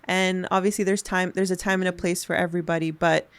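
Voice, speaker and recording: A woman's voice: on the low side, little pitch movement, fast, smooth, no room sound. A woman co-hosting a podcast in casual chat, talking in a chatty, giggly way with rambling restarts. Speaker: podcast co-host.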